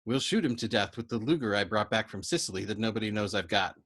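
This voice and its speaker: A man voicing a frantic, agitated young male bomber pilot who blurts out loud, excitable outbursts in a storybook reading. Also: on the low side, fast talker.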